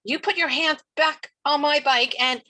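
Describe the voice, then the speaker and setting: A woman's voice: sits high, measured pace, sharp tone, voice pushed up. A woman reading as an indignant teenage girl. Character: spirited teenage girl narrator.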